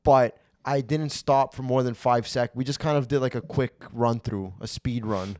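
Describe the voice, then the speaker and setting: A man hosting a casual podcast as a comedian, talking in a deadpan, provocative, joking way. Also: mid-range voice, normal speed, no echo, studio quality.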